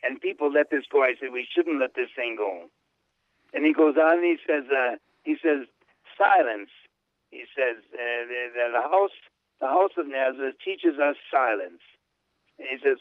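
A man reading a text aloud slowly and explaining it in an unscripted talk, stressing key words and breaking into enthusiastic asides, often repeating and restarting words. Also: medium pitch, no echo. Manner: slow, emphatic quoting, rising on key words, enthusiastic asides. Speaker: Latin scholar reading and explaining a papal text. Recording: dry, narrow phone-line sound.

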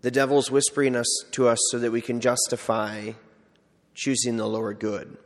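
A man's voice: medium pitch, flat delivery, normal speed. A man giving an informal sermon, talking conversationally and acting out little everyday scenes to make his point. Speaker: Catholic preacher or teacher. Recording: long hall reverb.

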